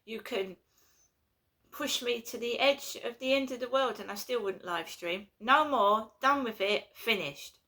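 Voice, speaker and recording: A woman's voice: fairly high pitch, unhurried, bright, forceful tone. A woman, ranting and swearing in a home vlog, repeating herself as she gets worked up. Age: 50s. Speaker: vlogger. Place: at home indoors.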